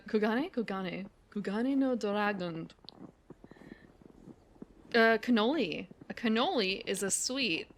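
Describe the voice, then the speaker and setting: A woman's voice: mid-range voice, a bit bright, slight background noise. A woman streamer chatting casually while out on a winter walk, rambling, correcting herself and laughing often. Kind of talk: casual chat while walking.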